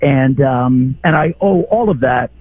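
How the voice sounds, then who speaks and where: A radio host calling in to a station, talking in a heartfelt, reminiscing way. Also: male voice, mid-range voice, expressive, a little slow, slightly rough, no room sound. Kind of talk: call-in radio chat. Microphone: telephone. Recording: tinny phone line on radio.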